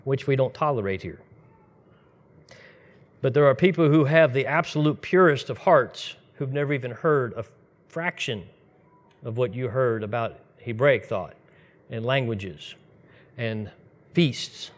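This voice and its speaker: A man's voice: medium pitch, a little slow, long pauses. Conversational preacher man. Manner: conversational storytelling preacher, bursts of speed. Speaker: pastor. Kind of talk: sermon.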